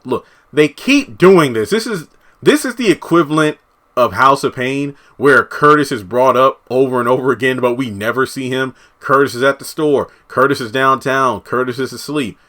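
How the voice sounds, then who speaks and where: Man, TV show reviewer, casual recap, bright voice, animated asides. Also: medium pitch, moderate pace. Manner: animated, talks in asides and acted-out quotes.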